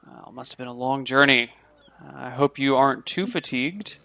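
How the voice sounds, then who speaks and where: A man's voice: mid-range voice, normal speed, pushed and bright, no echo. A man voicing a polite, friendly middle-aged innkeeper in a tabletop game. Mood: welcoming. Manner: polite, welcoming. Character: friendly middle-aged male tavern proprietor.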